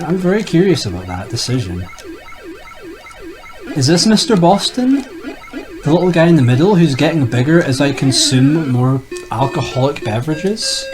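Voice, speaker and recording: A man's voice: a little high, rough recording. A young man giving casual, jokey commentary as he plays retro games, rambling and talking to himself. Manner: rambling, jokey, talks to himself while playing. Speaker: retro gaming youtuber.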